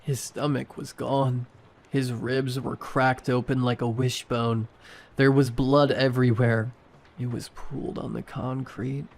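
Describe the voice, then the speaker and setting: A man reading a horror story aloud in a slow, measured way. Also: mid-range voice, level tone, creaky. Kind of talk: scripted horror narration.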